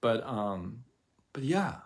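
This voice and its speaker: Man, casual livestream talk, animated, rambling, repeats himself, mid-pitched voice. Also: takes it slowly. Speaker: live show host.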